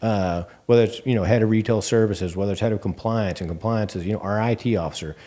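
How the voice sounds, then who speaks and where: A Texan man with a low, mellow voice, speaking as a guest in a relaxed interview. He tells his stories lively and plays out every conversation in his own voice, sprinkling in plenty of ums and you-knows. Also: fast. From Texas Panhandle. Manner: animated, acts out quoted dialogue with many fillers. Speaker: bank CEO, guest. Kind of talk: casual interview storytelling.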